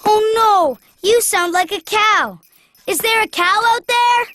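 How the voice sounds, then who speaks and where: Cartoon lead: cheerful wooden boy, very high, slow and bouncy. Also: exaggerated voice. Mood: eager. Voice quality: bright, chirpy, childlike. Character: cheerful little wooden boy, helpful and eager. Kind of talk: cartoon voice acting.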